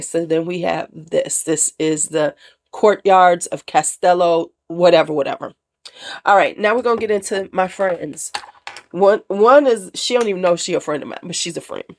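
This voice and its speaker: A chatty woman talks through her perfumes in a candid, slangy way. Her voice sits a little low for a woman, and she tosses off frank asides as she goes. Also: vocal fry. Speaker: perfume vlogger. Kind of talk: casual product review.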